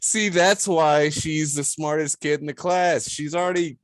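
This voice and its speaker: A man's voice: fairly high pitch, steady tone, a little slow, dry recording, clean studio sound. A man from Louisiana with a Southern accent, hosting a podcast and asking blunt, joking questions in casual chat. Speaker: podcast host.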